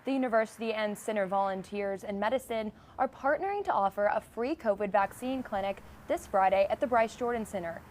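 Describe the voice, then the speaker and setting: A young woman reading the news as anchor in a crisp, even way. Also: medium pitch, fairly quick, hardly any pauses, slight background noise. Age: young adult.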